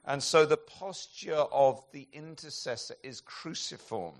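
A man preaching a sermon, telling stories with sweeping swings between loud, emphatic peaks and hushed, slowed passages. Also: on the high side.

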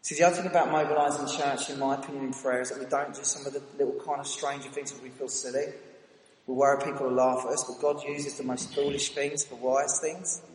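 A man's voice: medium pitch, quick pace. British man preaching in an echoing hall. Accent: British English. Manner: animated, anecdotal, self-mocking. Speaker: church speaker. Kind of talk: storytelling sermon. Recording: reverberant hall, faint ambience.

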